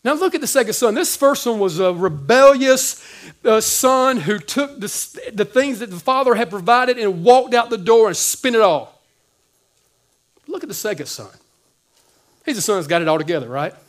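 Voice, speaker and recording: A male pastor preaching a sermon in casual slang, swinging between loud and hushed. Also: sits high, lively intonation, moderate pace.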